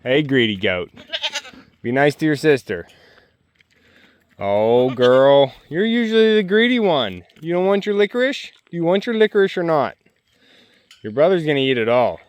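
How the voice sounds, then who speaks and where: A man on a farm outdoors, gently and playfully coaxing his animals in casual talk. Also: fairly high pitch, lively intonation, moderate pace, clean tone, no room sound. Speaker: homestead vlogger.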